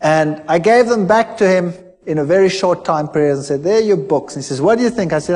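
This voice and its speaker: A man's voice: high voice, quick pace, few pauses, darkish tone, in a large hall. A middle-aged man, a former lecturer, telling his story animatedly and acting out the dialogue. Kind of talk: personal testimony talk.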